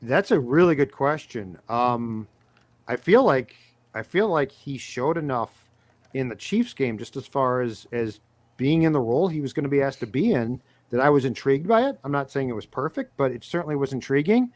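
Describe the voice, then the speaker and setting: A man co-hosting a sports podcast, casually chatting and briskly reading out news. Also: medium pitch, expressive, no room sound. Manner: brisk, reads lists of names in quick bursts. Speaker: podcast co-host.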